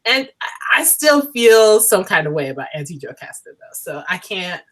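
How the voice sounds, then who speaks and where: A woman's voice: on the low side, moderate pace. Chatty woman co-hosting a TV review. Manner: animated, thinks aloud with restarts and laughs. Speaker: podcast co-host reviewing a TV episode. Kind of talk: casual chat.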